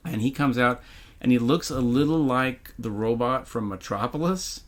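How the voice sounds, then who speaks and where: A man's voice: medium pitch, moderate pace. A man co-hosting a podcast, recapping a horror film's plot in a laid-back, casual storytelling way. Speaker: podcast co-host.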